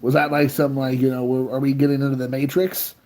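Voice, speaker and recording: A man's voice: medium pitch, little pitch movement, fairly quick, a little mellow. A man in his thirties, co-hosting a podcast, telling a rambling, self-mocking childhood story in casual chat.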